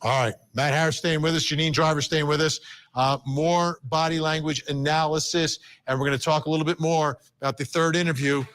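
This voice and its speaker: A man hosting a news panel, brisk and conversational. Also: on the high side, fairly even intonation, a bit bright. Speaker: host.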